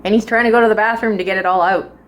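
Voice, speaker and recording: A woman's voice: mid-range voice, steady tone, rapid-fire. A young woman chatting casually as she reviews a drama, rambling and giggling often as she goes.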